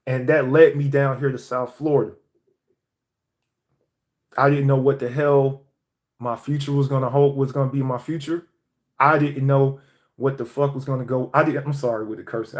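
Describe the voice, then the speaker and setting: A man's voice: mid-range voice, a little mellow. A young man from Atlanta, delivering a heated, profane motivational monologue.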